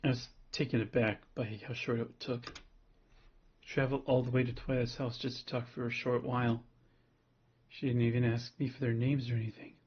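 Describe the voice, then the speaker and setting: A man's voice: mid-range voice, little pitch movement, moderate pace, husky, dull audio. A man streaming himself reading a visual novel aloud, with laid-back joking asides. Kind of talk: casual stream narration.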